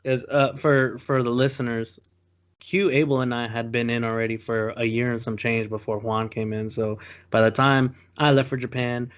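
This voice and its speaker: A man on a podcast in relaxed chat, prompting the others with questions. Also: mid-range voice, moderate pace. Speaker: podcast co-host. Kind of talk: casual chat. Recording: dull lo-fi sound.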